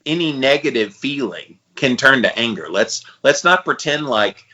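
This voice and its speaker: A man in his forties co-hosting a podcast in casual chat, thinking out loud with hesitant restarts. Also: medium pitch, expressive, normal speed, lo-fi sound. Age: 40s. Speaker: podcast co-host.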